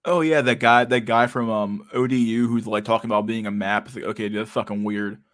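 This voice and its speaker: A man's voice: medium pitch, fairly even intonation, a little fast, a bit bright. Casual, profane man streaming commentary. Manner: profane, loose and meandering, laughs often. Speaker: streamer reacting to memes.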